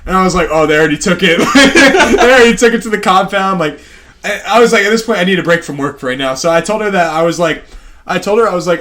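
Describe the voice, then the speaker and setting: High-voiced young man rambling through a story. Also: a bit bright. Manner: rambling, lots of fillers and profanity, laughs while telling stories. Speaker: podcast co-host. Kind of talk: casual storytelling chat.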